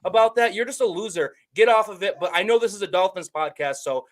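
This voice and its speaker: Man, high voice, podcast co-host, indignant profane rant, casual chat. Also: fast.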